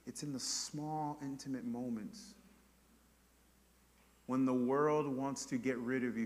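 A man preaching a sermon to a congregation, moving between loud, emphatic preaching and quiet, intimate passages. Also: medium pitch, steady tone, takes it slowly, pauses often, a little hiss or hum. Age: adult parent. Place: church sanctuary before a congregation. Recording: long hall reverb in a church.

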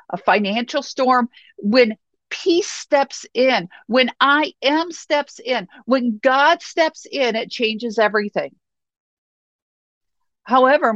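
A woman's voice: fairly high pitch, dry recording, highs cut off. A woman preaching a sermon in a conversational way, often checking in with "okay" and "you know".

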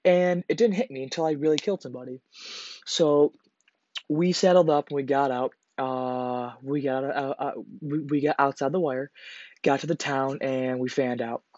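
A man's voice: medium pitch, steady tone, normal speed, darkish tone, dry recording. Rambling, profane man telling a story. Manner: profane, rambling, lots of fillers and restarts. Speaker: podcast host. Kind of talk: casual personal storytelling. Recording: slightly dull lo-fi recording.

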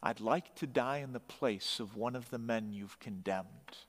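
Brief: frail old priest, soft, calm, slow and low, hall echo, read by a male storyteller. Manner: speaks softly and calmly.

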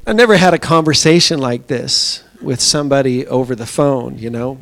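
A man giving a sermon at a small church, telling a story conversationally with pauses and fillers. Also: a little high, vocal fry. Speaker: pastor.

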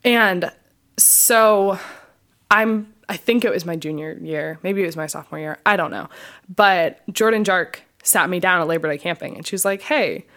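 A woman's voice: on the low side, moderate pace, fairly bright tone. A young adult woman, a podcast co-host, casually telling her personal testimony in a chatty way, full of fillers and re-enacted quotes of her past self.

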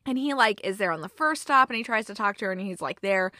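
A woman's voice: mid-range voice, animated, quick pace, pushed and bright, no room sound, studio quality. A young woman chatting through a movie plot recap with lots of fillers, easily moved. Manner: chatty, filler-heavy, emotional. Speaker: movie reviewer.

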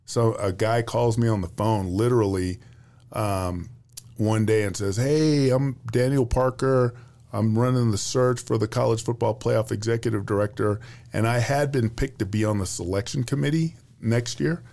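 A man in his fifties, a retiring Air Force general, telling stories in a relaxed, chatty way with lots of fillers and restarts. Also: lowish voice, moderate pace, creaky. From United States. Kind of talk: casual storytelling interview.

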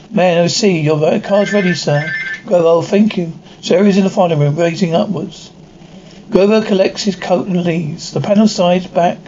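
Here a male reader with a high, slightly mellow voice works through a described episode, voicing each part without flourish. He stumbles and starts over often, captured on a dull, lo-fi home-style recording with faint noise.

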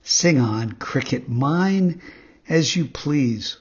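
A man voicing a rude, impatient wooden puppet boy in a husky voice, on a dull recording. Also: mid-range voice, lively intonation, full character voice. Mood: defiant. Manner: rude, hot-tempered, quick.

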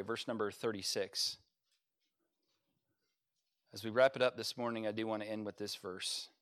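A man, a pastor, preaching a sermon in a church, talking emphatically with loud, rising stretches and frequent restarts of his phrases. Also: medium pitch. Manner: repeats words and restarts phrases. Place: church sanctuary.

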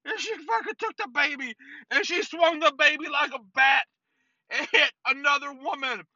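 A man's voice: very high-pitched, moderate pace, sharp tone, no echo. A man telling a comedic rant full of swearing, rambling with lots of "like". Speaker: comedic storyteller. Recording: dull, dry lo-fi sound.

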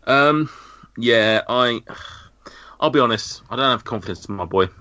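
Lively, bright-voiced podcast host. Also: male voice, medium pitch, moderate pace, dry recording, lo-fi sound. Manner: rambling, swearing, frequent restarts. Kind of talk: casual podcast banter.

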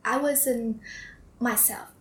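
Young woman, Vietnamese accent, slightly high voice, echoey room, faint background hum. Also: fairly even intonation, takes it slowly. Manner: laughing often, hesitant with ums. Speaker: guest, former foreign student. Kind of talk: casual storytelling interview.

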